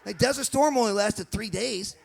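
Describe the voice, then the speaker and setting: Male stand-up comic, from Michigan, high voice, gravelly edge, animated delivery, keeps talking to the crowd. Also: slight background noise. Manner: chatty, keeps addressing the crowd, laughs at own jokes; animated, jumps between bits with quick asides. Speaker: stand-up comedian. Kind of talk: stand-up comedy.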